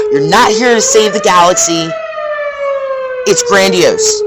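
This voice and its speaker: A spiritual speaker giving an impassioned, preachy monologue. The speaker swears freely and repeats phrases in a drawn-out cadence. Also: medium pitch.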